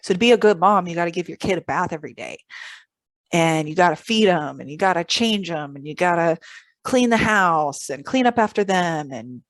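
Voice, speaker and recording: A woman's voice: on the low side, lively intonation, normal speed, dry recording. A woman talking casually to camera about self-care, earnest and reflective, with frequent fillers. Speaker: vlogger on emotional self-care. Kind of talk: casual advice monologue to camera.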